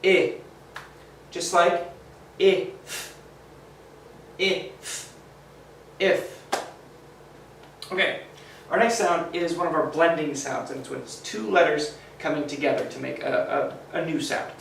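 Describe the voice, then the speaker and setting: Guy teaching kids phonics, slow and upbeat, sounds far from the mic, faint hum behind. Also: a little high, vocal fry, a bit bright. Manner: slow, encouraging, sounds out letters. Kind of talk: phonics lesson for children. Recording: echoey room, mic at a distance.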